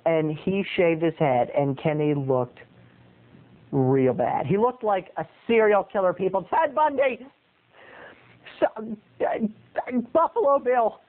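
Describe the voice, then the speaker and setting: A man who is a video blogger telling a story in an animated way and addressing his viewers directly. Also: sits high, slow, pauses often. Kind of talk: storytelling vlog. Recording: tinny phone-like lo-fi sound.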